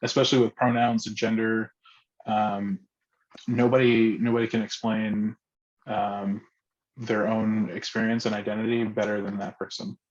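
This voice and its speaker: Hesitant man leading a discussion, flat-toned. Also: lowish voice, moderate pace, muffled recording. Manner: hesitant, many ums and restarts. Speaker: discussion facilitator. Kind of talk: online group discussion.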